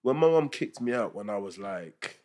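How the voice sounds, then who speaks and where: A man's voice: fairly low pitch, lively intonation, normal speed, a little mellow. A young man, a podcast guest talking candidly about family in a rambling, self-interrupting way, laughing often.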